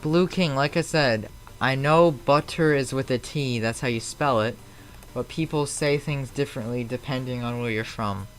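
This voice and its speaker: A man's voice: medium pitch, normal speed, a little hiss or hum, low-quality recording. Chatty Chicago-accented man streaming. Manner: chatty, a bit defensive, rambling with fillers. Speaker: flight-sim live streamer. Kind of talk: casual live-stream chat, answering viewers. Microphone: streaming mic.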